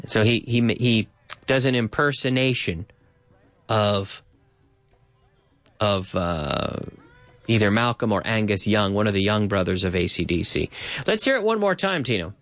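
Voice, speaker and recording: Man, radio host, lively, explains phrases, dry studio sound, faint music behind. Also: on the low side, unhurried, long pauses, dry recording.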